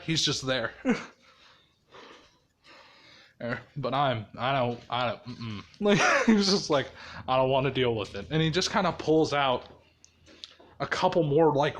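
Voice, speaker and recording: A man spins a loose fan story in a casual, rambling way. His voice sits a bit higher than most men's, and he swears freely and keeps breaking into laughter. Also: lively intonation, takes it slowly, fairly bright tone. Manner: rambling, profane, laughs often.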